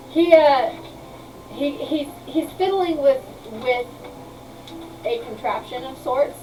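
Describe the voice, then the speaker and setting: A woman running a tabletop game as game master, narrating in a halting, rambling way with many restarts. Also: high voice, far from the mic, slight background noise, poor audio.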